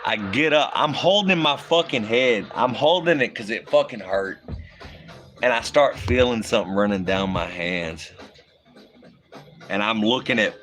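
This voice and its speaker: A man's voice: mid-range voice, expressive, a little slow, fairly bright tone, soft background music. A man in his thirties telling childhood stories casually on a livestream, swearing freely and laughing often between lines. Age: 30s. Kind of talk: casual storytelling.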